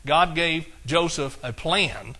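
Quoting scripture in old-fashioned language, this East Texas preacher delivers a folksy sermon punctuated by exclamations, his accent strong. His middle-aged voice sits somewhat high, bright and forceful, with a breathy edge and a slow pace.

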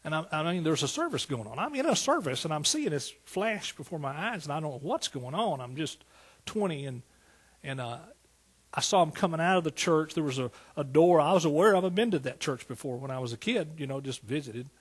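Husky-voiced preacher in his sixties. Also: on the high side, animated, fairly quick. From East Texas. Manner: folksy, storytelling, rising to emphatic praise. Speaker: pastor. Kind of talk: sermon.

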